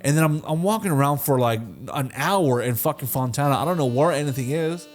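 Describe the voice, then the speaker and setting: A man in his twenties talks through a story on a podcast, loose and casual, with swearing, "like" and false starts. He slips into quick imitations of the other people in his stories. Faint music plays underneath. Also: fairly high pitch. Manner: loose and profane, full of fillers and restarts. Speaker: podcast co-host answering listener questions.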